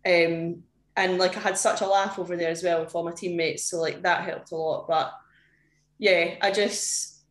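Young female podcast guest; chatty, candid, filler-heavy; slightly low voice, roomy echo. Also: little pitch movement, moderate pace. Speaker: podcast guest, competitive powerlifter. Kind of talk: casual interview chat. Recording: echoey room.

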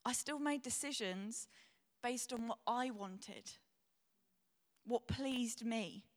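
Young woman preaching, tearful, earnest, fairly high voice, long hall reverb. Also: slow. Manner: earnest, emotional, candid. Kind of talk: sermon.

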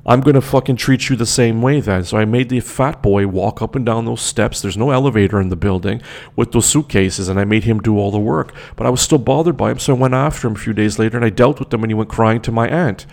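A young man tells a personal story as an indignant, profane rant. He circles back and repeats his points. His voice sits low with a rough, gravelly fry. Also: fast talker, darkish tone.

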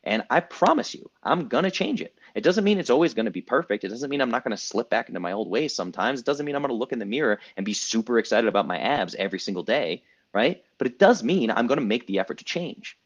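A man's voice: medium pitch, sing-song, fast talker, breathy edge. A man in his thirties hosting a group coaching call, talking emphatically and casually, repeating himself for effect and swearing now and then. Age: 30s. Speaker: coach and podcast host.

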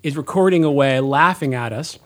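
A man's voice: mid-range voice, brisk, fairly bright tone. Joking guy cohosting a podcast, teasing, old school studio mic. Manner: playful, teasing, reads listener letters aloud. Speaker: podcast co-host. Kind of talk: casual chat. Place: large cold sound studio.

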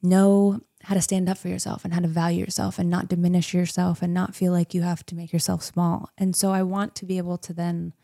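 A woman's voice: lowish voice, flat delivery, brisk, vocal fry, hardly any pauses, mellow, no room sound, clean studio sound. A woman in her thirties, a podcast guest, chatting casually and telling a story with frequent laughs. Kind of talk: casual interview chat.

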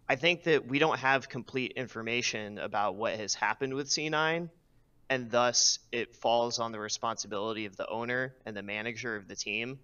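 A man calling in to a show, laying out a prepared opinion at length in an articulate, steady way. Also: mid-range voice, smooth. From US West Coast. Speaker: caller. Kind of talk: call-in opinion take. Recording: dull lo-fi call audio.

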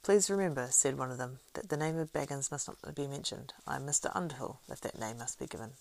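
A woman's voice: very deep voice, quick pace, gravelly, a little mellow, no room sound. Strider, a woman reading a wary ranger. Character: weathered male ranger, cool and guarded.

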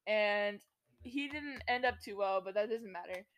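A woman's voice: mid-range voice, moderate pace, a bit bright. A woman co-hosting a podcast, telling a silly made-up story in a giggly, rambling way. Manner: giggly, rambling, makes it up as she goes. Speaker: podcast co-host. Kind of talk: playful improvised storytelling.

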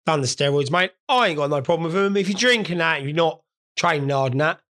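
A man's voice: a little high, fast, fairly bright tone. A young man telling rambling, jokey, sweary stories in a casual solo monologue. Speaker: podcast host.

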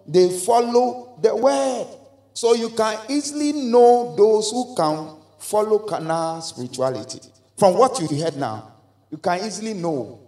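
A man's voice: sits high, darkish tone, reverberant. A man preaching a sermon in a church, with emphatic call-and-response and repeated phrases. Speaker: pastor. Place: church hall.

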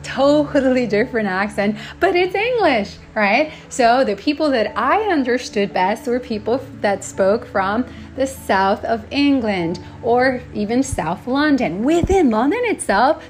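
An American woman with a Northeast accent, teaching an unscripted English lesson in a chatty way and often checking in with listeners. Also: a little high. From United States. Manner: chatty, checks in with "okay?" and "right?".

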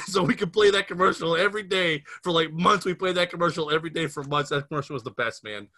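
Bright-voiced man telling rambling stories. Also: a little high, fast. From Scranton area, Pennsylvania. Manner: rambling storyteller with many restarts. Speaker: podcast host. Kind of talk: casual podcast chat.

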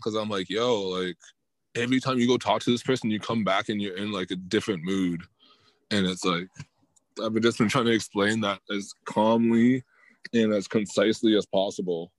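A man's voice: fairly low pitch, normal speed, no room sound. A man in casual chat, animatedly retelling an argument and acting out both sides, with streetwise slang. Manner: animated storytelling, acts out quoted arguments; streetwise slang, says yo and dog.

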